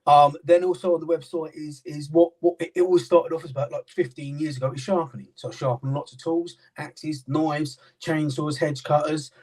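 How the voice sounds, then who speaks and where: A man's voice: on the high side, steady tone, moderate pace, hardly any pauses, darkish tone, recorded from a distance, poor audio. Rambling British man, slightly off-mic. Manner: rambling, many fillers and restarts. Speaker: knife sharpener and maker, guest. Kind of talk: casual chat on a live stream.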